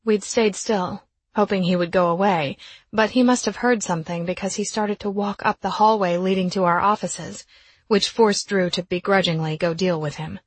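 Breathy lady reading spicy romance audiobook, lowish voice, dry close sound. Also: steady tone, moderate pace, no echo. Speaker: audiobook narrator. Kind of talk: first-person romance narration.

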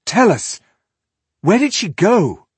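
Man doing a fierce woman warrior, insistent, higher voice, husky, dry. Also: big pitch swings, slow, no echo, full character voice. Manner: urgent, insistent. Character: fierce, determined female warrior.

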